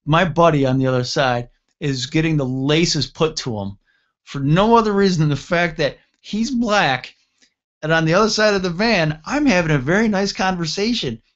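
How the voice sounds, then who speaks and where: A man's voice: on the high side, normal speed. Guy from upstate ny spinning a long story on a talk show, restarts a lot, kinda dull lo-fi sound. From upstate New York. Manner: rambling with frequent self-corrections; animated when acting out dialogue. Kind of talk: casual anecdote telling.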